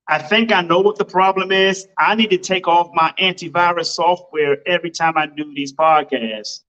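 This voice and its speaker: Animated high-voiced male podcast host. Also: normal speed, lo-fi sound. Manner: animated, emphatic, exclaiming. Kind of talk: casual motivational podcast talk. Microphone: home computer setup microphone.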